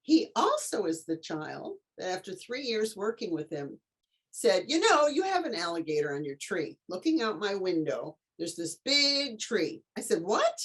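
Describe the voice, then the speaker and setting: With a mid-range, slightly rough voice and a moderate pace, a middle-aged author and tutor tells an animated story as an interview guest, voicing the different people in it.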